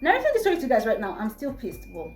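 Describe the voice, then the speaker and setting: A young woman with a Nigerian accent, telling a storytime vlog in an animated, exasperated way. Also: fairly high pitch, racing. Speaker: vlogger. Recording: echoey room, faint music.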